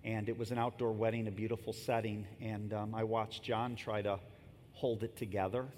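A man's voice: level tone, normal speed, a little mellow. A pastor in his fifties giving a sermon in a conversational, storytelling way, with casual asides to the congregation. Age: 50s. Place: church sanctuary. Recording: long reverb and faint rumble in a large hall.

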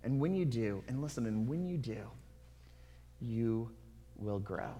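A man preaching a sermon in an earnest, confessional way, moving from hushed to loud. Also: medium pitch, expressive, measured pace. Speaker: pastor. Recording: long hall reverb.

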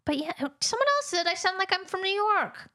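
A woman's voice: very high-pitched, expressive, brisk, sharp tone. A woman from Utah co-hosting a podcast, musing and searching for her words in casual chat. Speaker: podcast co-host.

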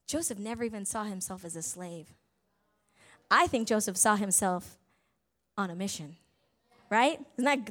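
A woman preaching a sermon, retelling a story in a conversational way, full of tag questions and big swings between loud and soft. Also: medium pitch, lively intonation, measured pace.

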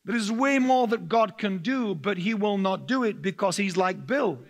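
A male pastor preaching a sermon, telling stories with humor, laughing often and getting very animated. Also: sits high, normal speed.

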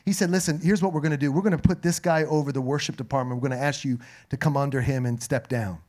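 A middle-aged man with a slightly raspy voice, preaching a conversational sermon full of humorous asides and personal stories. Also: medium pitch, fairly even intonation, fast, darkish tone. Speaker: pastor. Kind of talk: sermon with storytelling.

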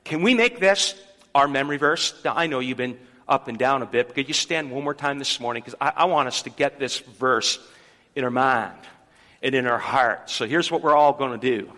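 A man's voice: medium pitch, moderate pace. A man preaching a sermon as pastor in a church, rallying the congregation to repeat a verse aloud. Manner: leads the congregation in loud call-and-response. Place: church sanctuary. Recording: long hall reverb.

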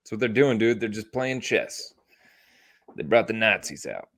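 A young man co-hosting a casual podcast, slangy and making deadpan jokes. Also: lowish voice, moderate pace, gravelly. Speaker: podcast co-host. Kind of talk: casual chat.

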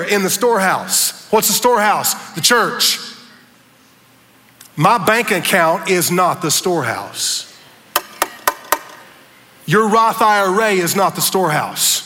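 A man preaching a sermon on a church stage, fervent, rising to shouts on key words. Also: sits high, expressive, unhurried. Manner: fervent, shouting peaks, Southern preacher cadence. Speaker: pastor. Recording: long reverb of a large hall.

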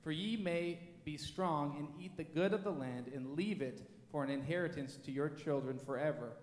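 A man reading scripture aloud in a church with a steady, measured delivery. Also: fairly high pitch. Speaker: scripture reader. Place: church sanctuary. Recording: echoey church hall with long reverb.

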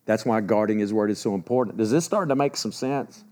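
A man in his sixties preaching a sermon, emphatic, swinging between loud urgency and low, grave warnings. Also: a little fast. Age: 60s.

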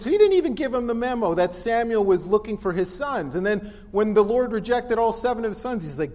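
Male pastor with a high voice, casual and animated, in a reverberant room. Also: a little fast, hardly any pauses. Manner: conversational, animated, acts out Bible characters. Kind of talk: casual teaching sermon.

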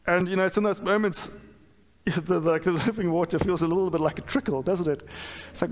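A middle-aged pastor preaches a sermon in a church hall, candid and self-deprecating, with many fillers and restarts. His voice sits high and moves briskly, under long hall reverb.

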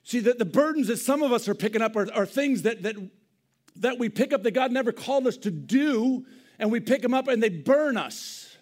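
Impassioned male preacher, whisper to shout. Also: very high-pitched, animated, normal speed. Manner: swings between hushed near-whispers and loud impassioned preaching; repeats words and restarts phrases in earnest bursts. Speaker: pastor. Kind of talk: sermon. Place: church sanctuary.

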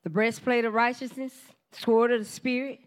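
Woman in her forties, high voice, casual sermon testimony, animated and chatty with the congregation. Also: normal speed. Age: 40s. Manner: animated storytelling, acts out quoted voices, laughs often; informal church talk, addresses the congregation directly. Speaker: preacher giving testimony.

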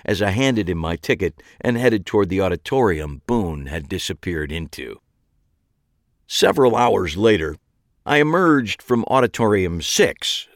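Low-voiced man narrating an audiobook. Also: dry recording, studio quality. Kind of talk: first-person audiobook narration.

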